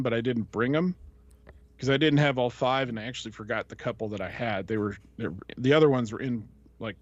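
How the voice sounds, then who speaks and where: A man's voice: mid-range voice, no echo. A man hosting a podcast, telling a casual, rambling story full of fillers and voices he quotes. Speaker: podcast host. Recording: dull lo-fi, dry sound.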